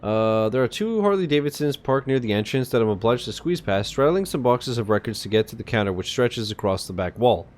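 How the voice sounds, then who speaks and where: A man's voice: medium pitch, animated, brisk, hardly any pauses, a little mellow. A male streamer reading a visual novel aloud steadily, with occasional hesitations.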